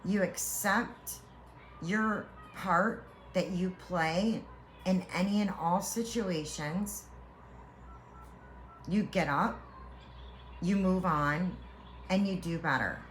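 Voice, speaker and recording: A woman's voice: fairly low pitch, a little hiss or hum. A woman, a tarot reader, giving an earnest, heartfelt spiritual reading to viewers, reassuring them and often restarting her sentences. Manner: halting with repeated restarts.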